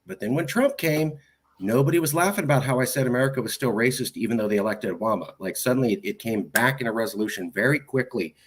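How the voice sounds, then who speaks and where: A man hosting an interview podcast, telling stories in an animated, emphatic way and repeating his points. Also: medium pitch, quick pace, slightly rough. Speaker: podcast host. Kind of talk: casual conversational interview.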